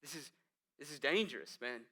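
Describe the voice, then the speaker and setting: A man's voice: a little high, expressive, a little fast, sharp tone. A male lead pastor preaching a conversational sermon, full of rhetorical questions and emphatic asides.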